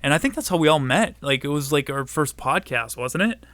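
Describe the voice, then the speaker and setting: A man hosting a casual podcast chat, relaxed and chatty, reading out viewer questions. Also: fairly high pitch, a little fast, dry recording. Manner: relaxed, chatty, laughs often. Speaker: podcast host.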